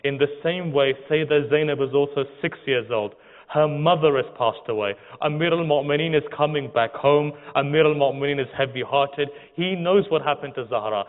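A man preaching an emotional sermon, telling a mournful story and asking the audience rhetorical questions. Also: fairly high pitch. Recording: tinny phone-like sound in a reverberant hall.

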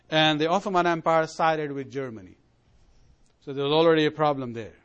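Brief: middle-aged male lecturer, slightly high voice, measured pace with frequent fillers and self-corrections. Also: a bit bright, dull audio. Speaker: religious lecturer. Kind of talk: history lecture to an audience.

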